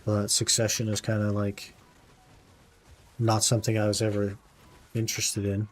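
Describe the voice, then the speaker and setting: A man's voice: lowish voice, monotone, normal speed. Laid-back young male game streamer. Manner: laid-back, says "man" often, answers chat. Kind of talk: casual live-stream chat while gaming.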